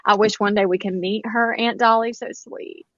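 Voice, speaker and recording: A woman, co-hosting a casual chat and telling animated stories with lots of quoted dialogue. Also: mid-range voice, moderate pace, no echo, muffled recording. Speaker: podcast co-host.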